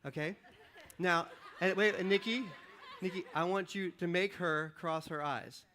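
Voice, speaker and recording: Before a congregation, a pastor preaches from the church stage in a high, bright voice at a measured pace, heard through a stage mic over slight background noise. His sermon is lively and jokey, with audience participation: he calls volunteers forward, counts them in, and then shifts to his message.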